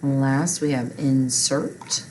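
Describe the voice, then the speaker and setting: A woman's voice: a bass voice, steady tone, takes it slowly, mellow, a little hiss or hum, poor audio. A woman teacher patiently walking learners through a recorded reading lesson step by step.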